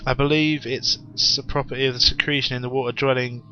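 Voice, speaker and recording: A man's voice: medium pitch, flat delivery, fast, smooth, dull audio. A young man playing a horror game, reading the in-game notes aloud and adding wry, rambling asides. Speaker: let's play gamer.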